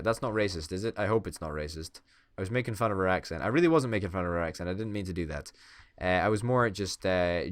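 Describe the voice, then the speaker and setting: Joking gamer, low dry voice. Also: male voice, clear, resonant tone, no echo. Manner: playful, swearing, mock-dictator bluster. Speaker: gaming YouTuber. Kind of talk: casual let's-play commentary.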